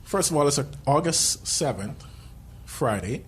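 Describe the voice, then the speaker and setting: A man's voice: fairly high pitch, animated, unhurried, husky. A man co-hosting a podcast in casual chat, rambling, joking and laughing often. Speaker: podcast co-host.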